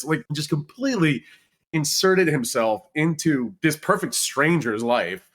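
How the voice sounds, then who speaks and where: A man co-hosting a podcast, telling stories in an animated, casual way and laughing often as he cuts in on his partner. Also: on the high side, normal speed. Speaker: podcast co-host. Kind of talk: casual storytelling chat.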